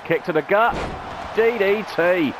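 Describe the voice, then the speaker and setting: A man's voice: sits high, a little slow, background noise. A man, a gaming channel host, calling a video game wrestling match play-by-play in a dramatic announcer style with rhetorical questions.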